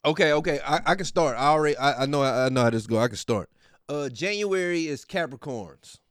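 Male podcast host, pitched a bit high, casual profane rant with a mocking tone, dry close mic. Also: lively intonation, brisk, no echo. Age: adult. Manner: profane, mocking, laughs often.

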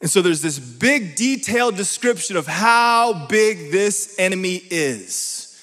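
A man preaching a sermon in an emphatic way, often checking in with his listeners with quick rhetorical questions. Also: high voice, big pitch swings, fairly bright tone, soft background music. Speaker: pastor. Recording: long reverb from a large hall.

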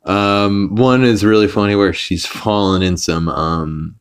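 A young man hosts a podcast and recaps an episode in a loose, rambling way. He swears freely and often restarts his sentences mid-thought. His voice sits a little on the low side. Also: fairly even intonation, measured pace, smooth. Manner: rambling, profane, frequent restarts and fillers. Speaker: podcast host.

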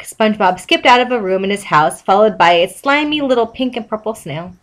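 A woman reading fan fiction aloud with brisk, amused narration. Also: mid-range voice, a bit bright. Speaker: reader.

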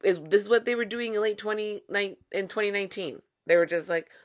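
A woman's voice: mid-range voice, a little fast. A woman hosting a podcast, talking in a casual, wry monologue with playful asides. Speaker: podcast host.

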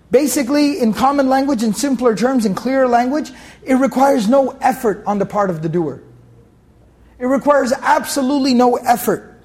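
A man's voice: very high-pitched, a little mellow. A man giving a casual, conversational Quran commentary class, mixing Arabic recitation with plain English explanation and acting out scripture dialogues. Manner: acts out scripture dialogue in shifting voices. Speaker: Quran teacher.

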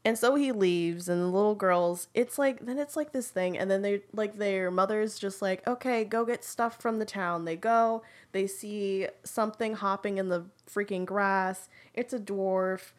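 A woman's voice: mid-range voice, a little slow, few pauses. A young woman casually retelling a fairy tale to a friend, rambling with many fillers and often laughing. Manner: giggly, rambling with frequent likes and ums. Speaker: storyteller.

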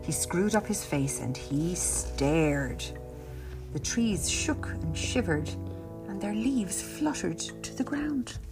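A woman reading a picture book aloud as a bedtime story, slow and very expressive. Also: lowish voice, over music.

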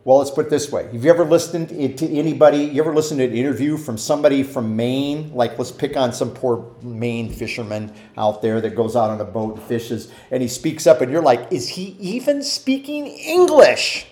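A man's voice: mid-range voice, brisk, few pauses, dark tone. A man teaching a conversational Bible study, often asking his listeners questions and acting out quotes. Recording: roomy echo.

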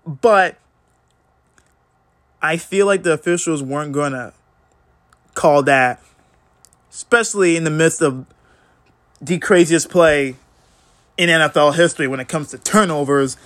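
A man giving a casual, excitable game recap as a fan vlogger, swearing freely and swinging up and down in pitch. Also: unhurried, pauses often, dry recording.

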